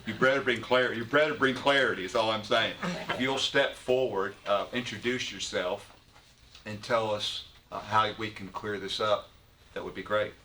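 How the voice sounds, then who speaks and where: A man's voice: fairly low pitch, fairly even intonation, normal speed, sharp tone. A man chairing a public committee meeting, with dry, joking authority. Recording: distant mic, faint noise.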